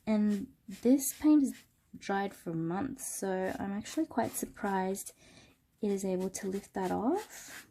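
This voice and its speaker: A woman with a cold and a nasal voice, casually reviewing an art product in an unscripted smartphone video and thinking aloud with many pauses as she works. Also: mid-range voice. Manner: relaxed, thinking aloud with many ums while working. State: sick with a cold. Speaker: art channel host.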